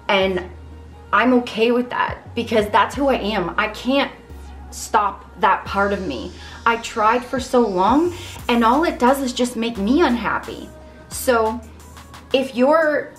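A young adult woman talking candidly to camera in a casual vlog, earnest and reflective. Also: mid-range voice. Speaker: vlogger. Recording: echoey room with faint music.

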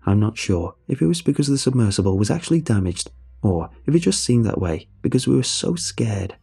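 A man narrating a horror story in a measured, grave storytelling manner. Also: medium pitch, big pitch swings, gravelly, warm tone, slightly rough.

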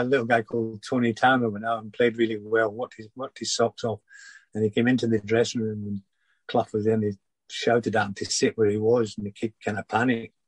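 An older former footballer, husky-voiced, recalling his career in a halting interview chat full of restarts. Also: medium pitch, no echo, poor audio. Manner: halting, many restarts and repeated words.

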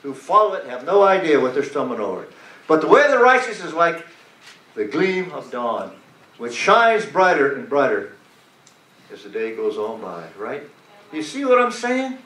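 High lively voice, pastor guy preaching loose and folksy, bright tone, echoey church from a distance. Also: normal speed. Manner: folksy, emphatic preaching with laughs. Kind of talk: sermon. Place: church sanctuary. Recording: echoey room, mic from a distance.

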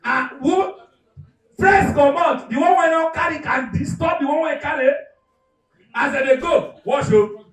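A man with a Nigerian accent doing live stand-up comedy, animated and loud, acting out characters and shouting punchlines. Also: very high voice, measured pace, echoey room, far from the mic, rough recording. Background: audience.

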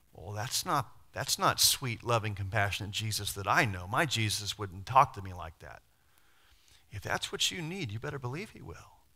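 Middle-aged male pastor, bright forceful tone, chatty animated sermon delivery. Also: lowish voice, normal speed. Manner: animated, conversational preaching with sudden loud and quiet swings.

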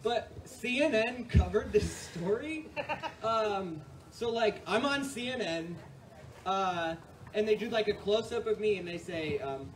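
A man's voice: high voice, lively intonation, measured pace. A man from New York doing a rambling, profane stand-up set on a club stage, often laughing at his own jokes. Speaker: stand-up comedian. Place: comedy club stage with audience. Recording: distant mic, noisy live room.

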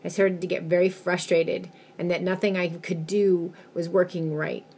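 A woman with a low-pitched voice, slightly husky and breathy, tells a personal story straight to camera. She leans into her words with vivid emphasis, giving the tale an expressive storyteller's flow. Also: moderate pace. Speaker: vlogger telling a personal story.

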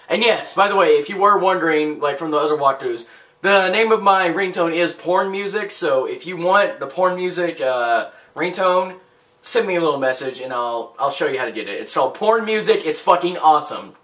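A young man giving crude, profane gameplay commentary, ranting loudly and then muttering under his breath. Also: high-pitched, expressive, normal speed, recorded from a distance. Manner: loud, crude, ranting, jumps between yelling and muttering. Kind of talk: profane let's-play commentary.

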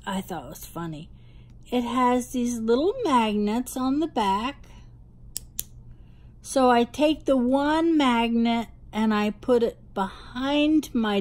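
A woman's voice: a little high, darkish tone. A woman with a New Jersey accent doing a casual show-and-tell unboxing on her hobby vlog, gushing with delight over cute little things. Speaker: hobby vlogger.

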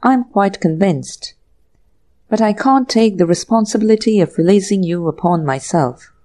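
Woman voicing a polite, good-humoured inspector for an audiobook, respectful, raised and warm in tone. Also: mid-range voice, expressive, moderate pace, natural voice. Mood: courteous. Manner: respectful, courteous.

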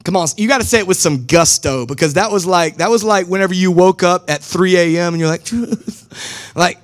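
A man with a strikingly high speaking voice preaches a sermon in a loose, conversational way. He mixes casual slang with urgent calls to the congregation, pushing hard on his main points. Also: fast talker. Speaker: pastor. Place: church service streamed live.

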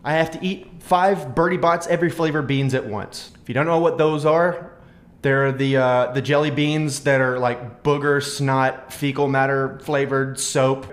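A man talking through a reaction video in a loose, joking way. He is crude and sarcastic, and his voice sits at a middle pitch. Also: moderate pace. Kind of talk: casual commentary.

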